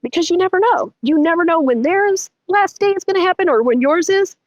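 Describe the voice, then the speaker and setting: A middle-aged woman, telling a story as a guest in an interview, animated and vivid. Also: brisk, no echo, lo-fi sound. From Texas. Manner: animated, vivid storytelling with lots of pitch swings.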